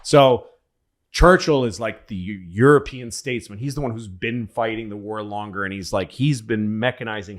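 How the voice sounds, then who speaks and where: A man's voice: fairly low pitch, normal speed. A man telling a rambling, profane history story on a casual podcast. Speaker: comedian guest.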